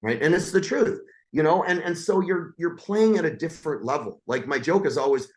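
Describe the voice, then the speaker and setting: Brash high-voiced man talking up his coaching. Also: animated. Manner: brash, swearing, fast-talking salesman. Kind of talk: casual podcast talk.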